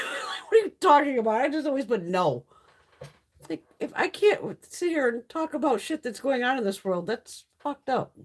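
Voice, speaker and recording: Husky, lively middle-aged woman chatting. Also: a little high, moderate pace. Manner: chatty and blunt, swears freely, laughs often. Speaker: beauty YouTuber hosting a live stream. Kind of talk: casual live-stream chat.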